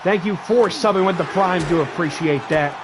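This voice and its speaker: A man with a high-pitched voice calls a wrestling match play-by-play at a moderate pace over a noisy background. He fires off moves in short, excitable bursts and thanks his stream's viewers between spots.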